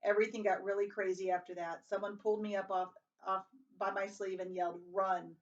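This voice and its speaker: A woman's voice: flat delivery, fast talker. A woman reading a novel aloud, lifting her voice for the dialogue, with some slips and restarts. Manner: reads dialogue with raised pitch and volume, some slips and restarts. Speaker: reader. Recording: distant, dull lo-fi home recording.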